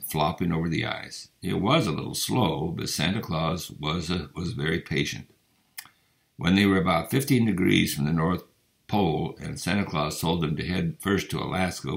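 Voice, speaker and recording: A man reading a children's Christmas story aloud in a gentle, unhurried way. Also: deep voice, creaky.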